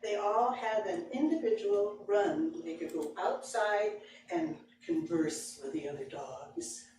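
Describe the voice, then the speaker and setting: Her voice is medium-pitched and a little slow as she acts out a story, complete with voices, for a live audience. Slight background noise accompanies a very echoey, far-miked recording where room ambience and audience laughter can be heard.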